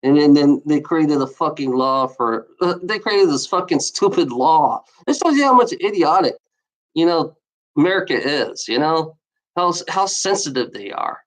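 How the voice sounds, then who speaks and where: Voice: medium pitch, animated, moderate pace, rough recording. A vlogger reading out odd laws and ranting about them, swearing constantly and scoffing in exasperation. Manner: scoffing laughter between readings.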